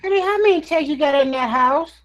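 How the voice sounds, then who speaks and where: A woman on a group video call teases her friends in a folksy, easygoing way. Her voice is high and light. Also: expressive, brisk, muffled recording. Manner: folksy, teasing, laughs easily. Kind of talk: casual chat.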